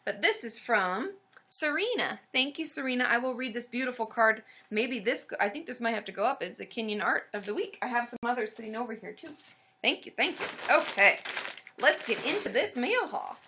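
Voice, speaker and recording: A young woman chatting excitedly to her viewers while opening fan mail, often squealing with delight. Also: a little high, a little fast, a little hiss or hum. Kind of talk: casual livestream chat.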